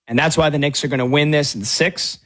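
A brash sports radio host, a man with a high voice, hammers his point home with stats and scorn. He talks straight to his listeners in a combative, mocking way. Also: fairly even intonation, a little fast, fairly bright tone. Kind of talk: sports talk commentary.

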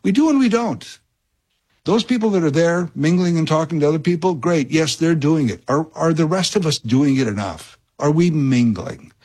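A man's voice: a little high, animated, moderate pace, a little mellow, slightly rough. A middle-aged man, filling in as a radio talk host and telling a rambling, chatty story full of fillers and restarts. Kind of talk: casual radio talk and anecdote.

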